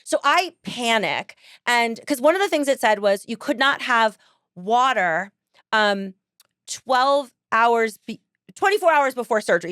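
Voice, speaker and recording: Podcast host, woman, casual storyteller; slightly high voice, close dry mic, lively and quick to laugh. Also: no echo. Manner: animated, laughs often, quotes people in voices.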